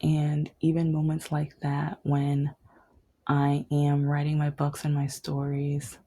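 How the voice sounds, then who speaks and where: A woman's voice: low voice, completely flat delivery, takes it slowly, mellow, no echo. A young woman telling a personal story, rambling with restarts and dropping to a whisper at tender moments. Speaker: vlogger.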